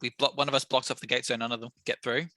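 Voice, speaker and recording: A man playing a tabletop game in character, urgently laying out a plan and getting excited by sudden ideas. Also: medium pitch, very fast, dry recording. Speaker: player.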